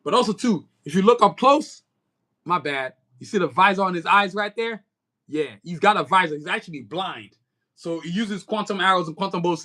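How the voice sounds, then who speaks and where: His voice sits high and sounds pushed and bright. He's a comic creator hosting a relaxed livestream, speaking American English with a Nigerian flavor, rambling along in slang and constantly tossing in "you know what I'm saying."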